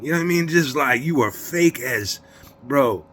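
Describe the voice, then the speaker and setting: A man's voice: mid-range voice, lively intonation, moderate pace, a bit bright, slightly rough. Middle-aged New man, streetwise slang, emphatic storyteller, mid-range voice. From New York. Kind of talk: storytelling in an interview.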